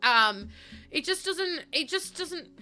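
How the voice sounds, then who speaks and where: A young woman live-streaming a game, chatting casually with her viewers, giggling often and breaking into excited thanks. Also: very high-pitched, takes it slowly. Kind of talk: casual live-stream chat while gaming. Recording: faint game music behind.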